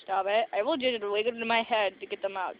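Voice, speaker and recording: A woman's voice: medium pitch, fairly even intonation, brisk, dull audio, natural voice. A young woman voicing her grumpy, sassy house cat in a petulant, whiny way, recorded on a phone. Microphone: phone camera.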